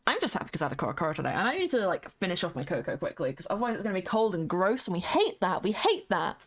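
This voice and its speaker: A woman's voice: fairly low pitch, sing-song, rapid-fire. A woman with a British accent chatting casually while streaming a game, playful and rambling, now and then singing along. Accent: British English. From United Kingdom. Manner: chatty and playful, sings along, slips into silly voices. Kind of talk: casual chat while gaming.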